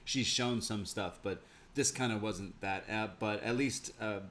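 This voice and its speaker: Man, co-host, casual wrestling recap, laughs often, loud quotes of characters. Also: fairly low pitch, unhurried. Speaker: podcast co-host.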